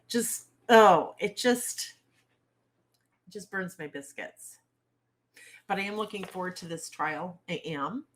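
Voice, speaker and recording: An author hosting a casual livestream chat speaks in a slightly low-pitched, somewhat bright voice. She's blunt and outspoken with salty phrasing, and she keeps putting direct questions to her viewers.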